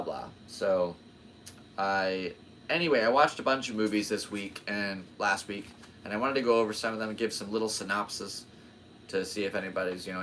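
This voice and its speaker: A young man in his twenties hosting a solo podcast, rambling from one tangent to the next with jokes along the way. His voice is on the low side but swings widely in pitch as he gets animated. A faint hum of room ambience sits behind him. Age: 20s. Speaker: podcast host. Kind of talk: casual rambling monologue.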